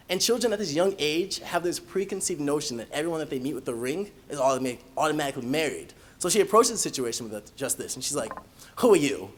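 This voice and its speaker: A young man, a college student, telling humorous personal stories in an animated, self-mocking way. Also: fairly high pitch. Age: young adult.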